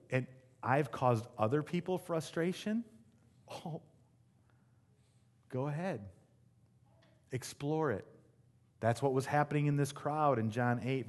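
A man's voice: medium pitch, darkish tone. A male pastor preaching a sermon in a conversational, emphatic way, with asides to the congregation.

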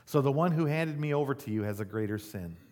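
A man voicing a calm, solemn male teacher on trial, reading his replies in a measured way. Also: mid-range voice, lightly acted.

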